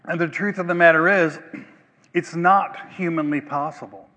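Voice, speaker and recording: A man preaching a sermon as pastor, slow and emphatic with long pauses. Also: fairly high pitch, fairly even intonation, pushed and bright. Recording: long reverb of a large hall.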